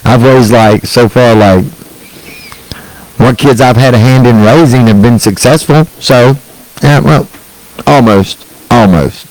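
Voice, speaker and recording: A man's voice: medium pitch, measured pace, long pauses, a little mellow, no echo, low-quality recording. A middle-aged man hosting a solo online show, ranting bluntly and profanely, rambling with restarts and asides.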